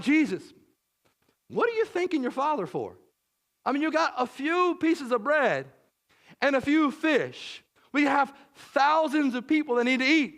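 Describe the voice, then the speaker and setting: A man's voice: extremely high pitch, fairly bright tone. A man preaching a sermon as pastor, conversational, with frequent "right?" asides, and he acts out the disciples' worried voices.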